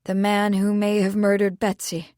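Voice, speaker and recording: A woman's voice: mid-range voice, monotone, normal speed, warm tone, dry recording, clean studio sound, close to an everyday voice. A woman voicing a shaken young woman who speaks bleakly, tight with anger.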